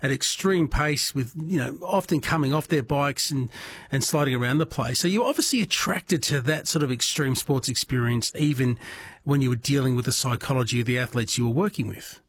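A man's voice: mid-range voice, brisk, husky. A man hosting an interview and asking questions in a playful, jokey way. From Australia. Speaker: radio host.

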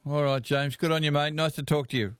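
A man with an Australian accent hosts casual talkback radio, chatting with callers in a friendly, easygoing way and saying "mate" and "reckon." His fairly high voice is smooth with a steady tone and a slightly fast pace, recorded dry with clean studio sound.

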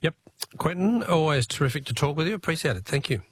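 A man hosting a late-night radio talk show, chatty and relaxed as he reads out listener messages. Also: on the high side, quick pace, breathy edge, dry recording. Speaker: radio host.

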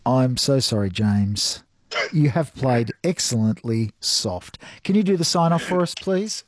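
Brief: Australian male radio host, playful and teasing, slightly raspy, dry close studio sound. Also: medium pitch, lively intonation, unhurried, no echo. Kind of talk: radio quiz and chat.

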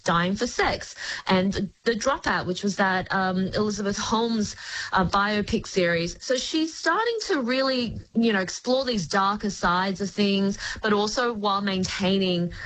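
A woman chatting as a guest critic, explaining shows at length in an articulate, lively way. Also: mid-range voice, normal speed, rough recording. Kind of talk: casual review chat.

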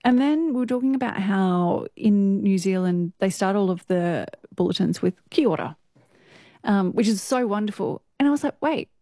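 A woman's voice: medium pitch, lively intonation, moderate pace, dark tone, no echo. Australian woman, young adult, chatty guest storyteller, close dry mic. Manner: chatty, laughs often, many fillers. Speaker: interview guest, news presenter. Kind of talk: casual storytelling interview.

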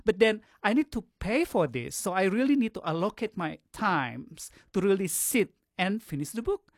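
A man, a guest on a radio show, telling his story in a relaxed way with lots of fillers. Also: high voice, moderate pace, dry recording, clean studio sound. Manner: relaxed, hesitant, many fillers. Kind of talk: casual interview, personal account. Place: radio studio. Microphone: studio mic.

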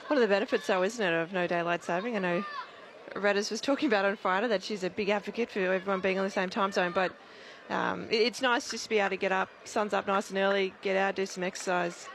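Fast-talking cricket co-commentator, chatty expert asides. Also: mid-range voice, fairly even intonation, fairly bright tone, a faint crowd, a little hiss or hum.

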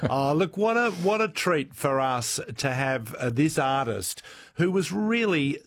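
A man's voice: a little high, expressive, unhurried, a bit bright. A man hosting a radio show, chatty and upbeat, reading listener texts aloud. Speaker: radio host. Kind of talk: casual radio interview chat.

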